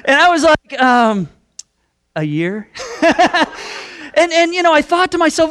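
High-voiced animated male pastor. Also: moderate pace. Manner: animated, self-deprecating storyteller with frequent restarts. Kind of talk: sermon with storytelling.

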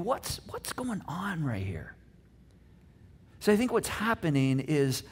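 A man pastor giving a casual, animated sermon, telling a story in a conversational way with many fillers. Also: sits high, husky.

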